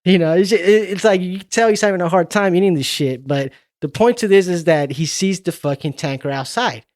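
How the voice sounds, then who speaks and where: Dude on a podcast retelling movies, swears a lot, kinda high voice, dry close mic. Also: male voice, a little fast, no echo. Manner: profane, animated storyteller. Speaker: podcast co-host. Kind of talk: casual chat retelling movie scenes.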